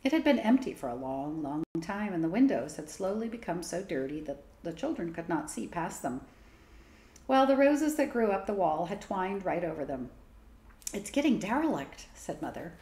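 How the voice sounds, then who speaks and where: A woman reading a children's story aloud as storyteller, expressive and varied. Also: on the low side, moderate pace. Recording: roomy echo.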